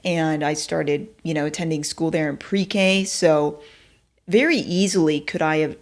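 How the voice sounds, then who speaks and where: A woman's voice: low-pitched, a little slow. A woman from Texas hosting a show, talking in a chatty, self-deprecating way full of fillers. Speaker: show host. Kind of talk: casual commentary.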